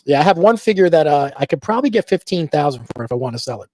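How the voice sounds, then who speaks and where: Middle-aged male host, fast and agreeable, slightly high voice, dry sound. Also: sing-song, darkish tone, no room sound. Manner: quick agreeable backchanneling. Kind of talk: casual talk show chat, reading viewer comments.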